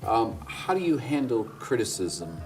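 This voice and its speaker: A man interviewing a guest, asking his questions hesitantly with many pauses and fillers. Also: mid-range voice, big pitch swings, over music. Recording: voice off-mic, from a distance.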